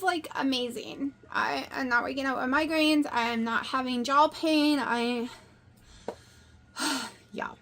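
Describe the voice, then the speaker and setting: Woman, home kitchen vlogger, slightly high voice, chatty and hyper, runs on in quick bursts. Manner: rambling, excitable, talks fast in bursts. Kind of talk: casual vlog chat. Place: home kitchen, cooking at a griddle. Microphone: new clip-on wireless mic, sometimes clipped to the stove away from her.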